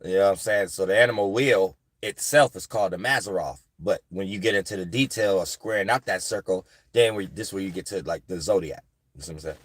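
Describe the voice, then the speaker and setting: A man's voice: deep voice, fairly quick, no echo. Rambling man with a dry close sound. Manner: rambling, repeats "you know what I'm saying". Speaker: astrology channel host. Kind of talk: casual spiritual monologue.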